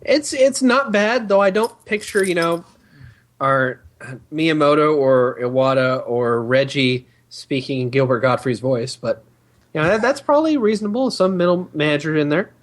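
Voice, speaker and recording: A man's voice: on the high side, animated, moderate pace. A man co-hosting a casual gaming chat, easygoing as he relays game news and chat comments. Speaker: podcast co-host.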